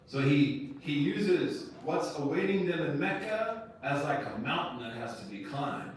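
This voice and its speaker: A man's voice: fairly high pitch, animated, moderate pace, slight background noise. Man lecturing in an echoey room. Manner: conversational, slangy, direct, with rhetorical questions. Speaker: imam giving a lecture. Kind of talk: casual lecture to students. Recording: echoey room, picked up from a distance.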